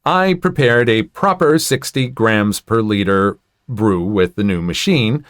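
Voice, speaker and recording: A man's voice: on the low side, animated, measured pace, no room sound, clean studio sound. A man reading online stories aloud and adding his own asides, telling them expressively. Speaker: story narrator.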